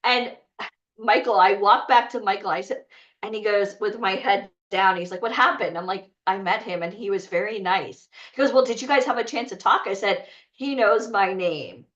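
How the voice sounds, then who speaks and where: A woman hosting a talent event, telling a lively personal story to an audience, cursing freely and asking them questions. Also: mid-range voice, normal speed. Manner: animated, swearing, asks the audience questions. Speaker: event host and talent coach. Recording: dull, lo-fi sound.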